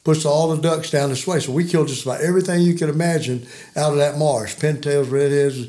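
A man's voice: fairly high pitch, fairly even intonation, a little fast, a little mellow. A man in his sixties, a guest telling folksy, rambling hunting stories with chuckles. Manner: rambling, chuckling yarn-spinner. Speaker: guest storyteller.

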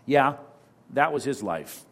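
A middle-aged man preaching a sermon as pastor, animated, with sudden drops to a hush and mocking asides. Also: medium pitch, slow pace, gravelly.

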